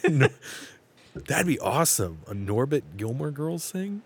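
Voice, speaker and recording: A man's voice: mid-range voice, sing-song, moderate pace, creaky, husky. A man co-hosting a casual podcast chat, laughing often, swearing freely and slipping into silly voices. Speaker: podcast co-host.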